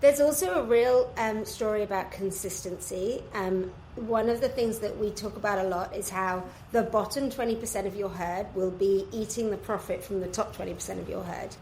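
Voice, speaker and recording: A woman with a mid-range voice speaks in a casual podcast chat, thoughtful and pausing to find her words. Her voice rings in a roomy, echoey space, with faint noise underneath. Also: medium pitch, darkish tone. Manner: thoughtful, restarts sentences while searching for words. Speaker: guest, beef supply chain business. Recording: echoey room.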